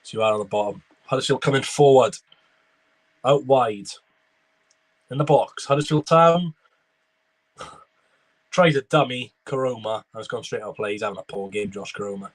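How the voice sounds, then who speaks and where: A man's voice: mid-range voice, normal speed, long pauses. A young man talks over a live football match. He chats casually, calls the play as it happens and answers messages from his viewers in between. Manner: chatty running commentary, reading out viewer messages. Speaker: football watchalong streamer. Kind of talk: live match reaction with chat replies.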